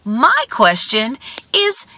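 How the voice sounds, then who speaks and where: A woman vlogger giving a motivational talk, expressive and emphatic with a sing-song storytelling manner. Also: a little high, very slow, dry recording.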